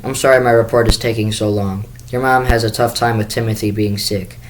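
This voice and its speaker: A man's voice: lowish voice, fairly even intonation, brisk, close to an everyday voice. A man reading aloud, voicing a kind and reassuring father in a storybook. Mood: friendly.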